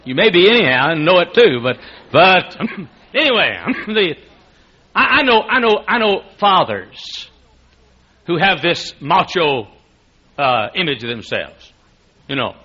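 A man preaching a sermon as pastor, animated and laughing, often restarting his sentences, on a dull lo-fi recording. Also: fairly high pitch, measured pace, pauses often, husky.

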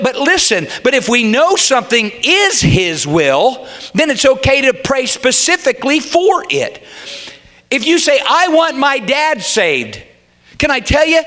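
A man's voice: extremely high pitch, bright, forceful tone. A middle-aged man, a pastor, preaching a sermon in a folksy, humorous way that rises to fervent pleas.

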